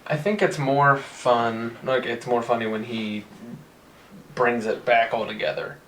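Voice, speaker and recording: A man's voice: medium pitch, fairly even intonation, a little slow, fairly bright tone, far from the mic, slight background noise. A man co-hosting a podcast, chatting casually and rambling with lots of hesitant fillers. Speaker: podcast co-host. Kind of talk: casual chat. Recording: echoey room, away from the mic.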